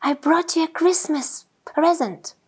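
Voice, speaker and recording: Cheerful little male squirrel, high and bright, voiced by a woman. Storybook. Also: measured pace. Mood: cheery. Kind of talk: storybook read-aloud.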